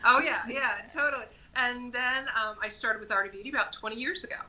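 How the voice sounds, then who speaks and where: A woman's voice: a little high, fast, lo-fi sound, a loud crowd. A woman in her fifties, a guest in a casual interview, talking conversationally and often adding "right?". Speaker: guest, nail brand creative director.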